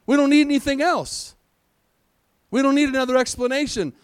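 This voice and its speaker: A man's voice: very high voice, brisk, no echo, clean studio sound. A male pastor preaching a sermon in a church, asking his congregation rhetorical questions and calling for responses. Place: church sanctuary.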